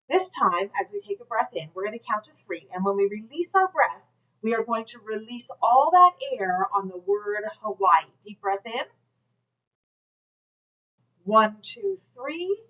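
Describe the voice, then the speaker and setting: A woman's voice: medium pitch, a bit bright, muffled recording. A woman instructor giving a recorded class lecture, talking straight to students and coaching them through exercises. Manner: direct, coaching, demonstrates projection aloud. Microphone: camera mic.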